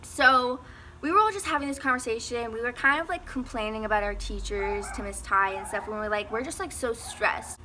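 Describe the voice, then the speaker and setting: Teen girl, storytime vlog, bright voice, slightly high, faint room hiss. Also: steady tone, a little fast. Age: teens. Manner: rambling, filler-heavy, laughs often. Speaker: vlogger. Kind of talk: casual storytime chat.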